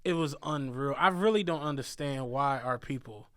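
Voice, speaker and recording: A man from Philadelphia who drives a bus, telling animated, laughing stories on a casual podcast. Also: medium pitch, normal speed. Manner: animated, laughing anecdotes with voiced asides. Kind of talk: casual storytelling chat.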